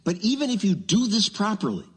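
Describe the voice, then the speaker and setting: A man narrating a news report in a measured, probing way, asking pointed questions. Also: high voice, huge pitch swings, in a large hall, soft background music.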